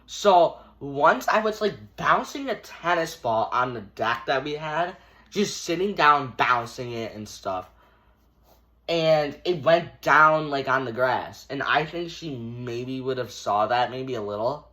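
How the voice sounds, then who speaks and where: Teen boy, bright voice, casual storytime vlog, rambling, filler-heavy. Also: mid-range voice, lively intonation, slow. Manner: acts out scenes with hand gestures. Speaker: storytime vlogger.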